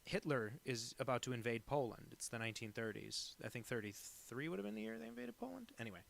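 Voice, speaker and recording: A man's voice: medium pitch, expressive, quick pace, gravelly, a bit bright. A man streaming live as he draws requests, chatting casually and rambling from one aside to the next, often poking fun at himself. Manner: rambling and digressive, with many fillers; self-deprecating. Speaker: cartoonist drawing viewer requests on a live stream.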